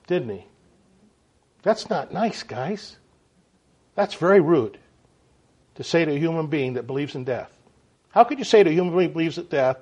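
A man preaching a sermon in a folksy, animated way, often checking in with his listeners. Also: a little high, normal speed, pauses often, breathy edge. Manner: folksy, animated, frequent "right?" and "okay?" to the audience. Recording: dull lo-fi sound.

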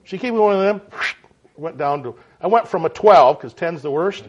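Folksy animated preacher, lo-fi. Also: male voice, fairly high pitch, moderate pace. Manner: folksy, animated, frequent "right?" and "okay?" to the audience. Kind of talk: sermon. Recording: dull lo-fi sound.

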